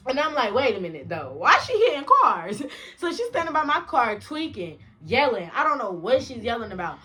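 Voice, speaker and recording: Young woman spilling a storytime, AAVE slang, bright voice, acts out every line with big jumps up and down. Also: brisk, hardly any pauses. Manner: animated, slangy, acts out dialogue with big pitch jumps and laughs. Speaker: vlogger. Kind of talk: storytime vlog.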